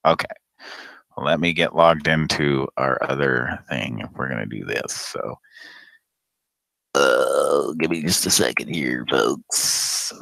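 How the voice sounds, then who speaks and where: A man's voice: extremely low pitch, slow, gravelly, pushed and bright, no echo, poor audio. A man hosting a live prank call show, chatting casually and rambling with lots of fillers and laughs. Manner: rambling, hesitant, laughs often.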